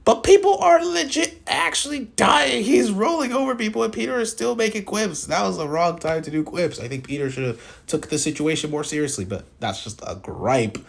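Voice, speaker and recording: A man whose voice is on the high side, creaky and fairly quick, talks casually about films. His intonation is lively, and his reviews ramble with strong opinions and frequent restarts.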